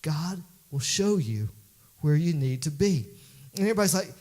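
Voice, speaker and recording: Man, pastor, folksy sermon, slightly higher voice, conversational with emphatic peaks. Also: lively intonation, moderate pace, darkish tone. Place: church.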